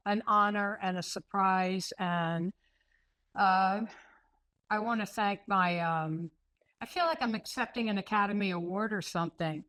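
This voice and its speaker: A woman accepting an award, overwhelmed and hesitant, pausing often with fillers. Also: mid-range voice, a bit bright. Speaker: award honoree. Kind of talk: acceptance speech.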